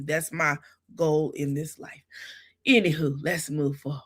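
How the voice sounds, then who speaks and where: A woman's voice: low voice, measured pace, breathy edge. A woman hosting a casual live chat, greeting viewers and calling them honey and child. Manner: animated, Southern-style endearments like honey and child. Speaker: livestream host.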